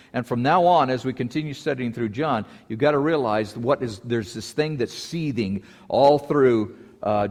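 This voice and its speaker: A man preaching a sermon, telling a story with lively rises in pitch when he acts out quoted voices. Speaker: pastor. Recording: long hall reverb.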